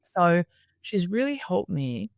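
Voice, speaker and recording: An Australian woman speaking as a podcast guest, telling stories in a lively, chatty way and laughing often. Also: lowish voice, slow pace, creaky, no echo, clean studio sound. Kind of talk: casual interview storytelling.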